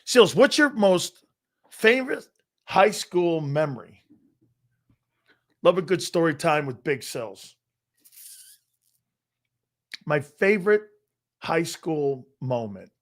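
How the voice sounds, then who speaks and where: Speaking slowly with frequent pauses in a higher-pitched voice, this middle-aged sports talk host from Connecticut shares personal stories live. He's emphatic and animated, and he doesn't hold back on profanity.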